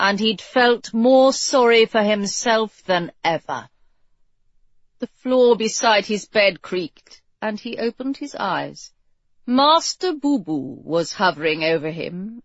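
A woman narrating a novel as an audiobook in a measured storytelling style. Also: mid-range voice, no room sound. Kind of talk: scripted narration. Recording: dull, dry close-miked audio.

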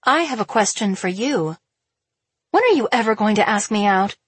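A woman's voice: medium pitch, animated, moderate pace, husky, no room sound, pitched above the performer's own voice. A woman voicing a playful young woman teasing on the phone, as an audiobook reader.

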